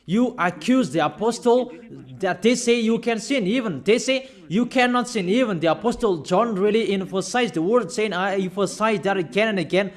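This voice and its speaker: High-voiced man preaching a scolding sermon. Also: moderate pace, few pauses. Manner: forceful, scolding, rhetorical questions.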